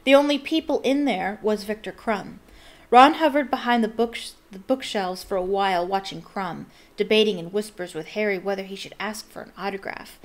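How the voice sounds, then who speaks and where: Chatty woman reading a book aloud. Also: medium pitch. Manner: expressive, chatty asides. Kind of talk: casual read-aloud with commentary.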